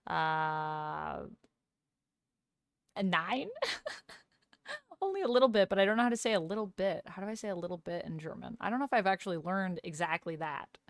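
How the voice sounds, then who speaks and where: Smooth-voiced woman chatting on a stream. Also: fairly low pitch, lively intonation, moderate pace, long pauses, no room sound, clean studio sound. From Canada. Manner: reads out chat and chats back, tries out phrases with a light laugh. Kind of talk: casual livestream chat.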